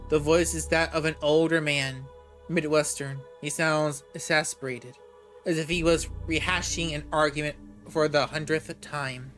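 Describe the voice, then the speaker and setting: A man with a slightly higher voice reads a game's second-person narration aloud, steady and unfussy, with the odd stumble over a word. Faint music plays underneath. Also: moderate pace. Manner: plain, steady reading with small slips. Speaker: gaming YouTuber. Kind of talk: reading game narration aloud.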